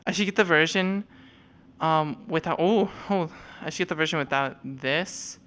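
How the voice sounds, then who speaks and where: Low-voiced, rambling young woman streamer. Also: normal speed, fairly bright tone. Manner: rambling, lots of fillers and profanity. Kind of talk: casual chat while showing avatars.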